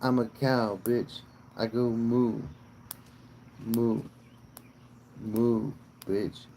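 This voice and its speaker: A man's voice: medium pitch, little pitch movement, drawn-out words, dark tone, a little hiss or hum, poor audio. A man doing a sassy swearing cow. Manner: crude, defiant, swearing. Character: sassy rude female cow guarding her hay.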